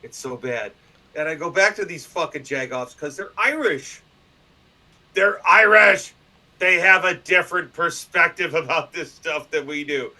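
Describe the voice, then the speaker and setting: A man telling stories as a guest in a casual interview, loud, profane and animated, slipping into other people's voices. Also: on the high side, unhurried, low-quality recording. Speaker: podcast guest and publisher.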